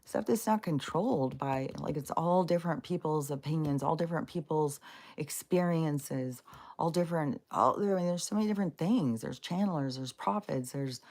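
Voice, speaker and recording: A woman's voice: deep voice, normal speed, a little mellow. A woman vlogging in casual, rambling talk, blunt and profane, with many fillers and restarts. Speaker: spiritual vlogger.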